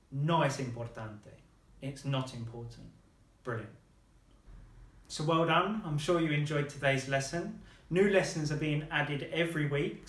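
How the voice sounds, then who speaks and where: Brief: male tutor, a bit high-pitched, patient and encouraging, recorded in an echoey room. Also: a bit bright. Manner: patient, encouraging, models words slowly. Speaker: language teacher. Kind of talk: one-on-one language lesson.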